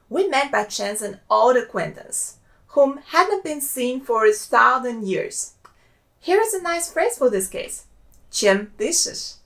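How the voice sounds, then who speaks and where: A woman with a Russian accent, a native Russian speaker, teaching a language lesson and slowly repeating each example phrase. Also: a little high, vocal fry, fairly bright tone. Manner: slow careful repetition of example phrases.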